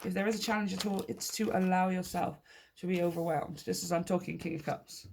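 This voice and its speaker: A woman's voice: on the low side, fairly even intonation, fairly quick, creaky, darkish tone, a little hiss or hum. A woman giving a casual tarot reading to her viewers, upbeat and encouraging, often laughing and repeating key phrases for emphasis. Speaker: tarot reader.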